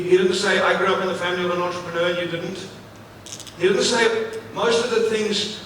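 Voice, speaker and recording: A man from Africa giving an energetic live keynote speech on stage, repeating phrases and putting questions to the audience. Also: high voice, slight background noise. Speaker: motivational speaker. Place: large event venue, on stage. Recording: echoey hall, mic at a distance, faint ambience.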